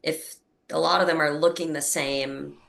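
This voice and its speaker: A woman's voice: low voice, steady tone, normal speed, vocal fry, fairly bright tone. A woman player in a tabletop worldbuilding session, musing aloud and asking questions. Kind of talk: collaborative worldbuilding discussion.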